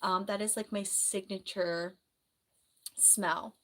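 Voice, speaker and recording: A woman on a casual live stream, chatting and rambling in a soft voice. She has a sore throat and keeps clearing it. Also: mid-range voice, steady tone, slow. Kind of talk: casual live-stream chat reading comments.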